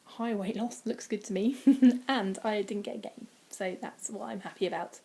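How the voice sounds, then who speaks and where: Mellow, husky woman chatting. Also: medium pitch, fairly even intonation, normal speed. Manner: chatty and rambling, many ums, quiet breathy asides. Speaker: vlogger. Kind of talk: casual weight-loss vlog. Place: indoors at home, by a window.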